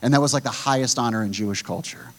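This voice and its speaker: A man preaching a sermon, blunt and animated, often putting questions to his listeners. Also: medium pitch, fast talker, creaky.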